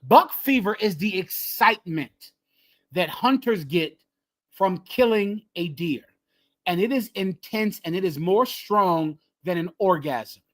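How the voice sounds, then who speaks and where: A man leading a group and preaching in a fiery, emphatic way, repeating his phrases and swinging from loud bursts to hushed lines. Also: high voice, expressive, takes it slowly. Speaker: group leader teaching scripture. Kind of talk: fiery street-style preaching.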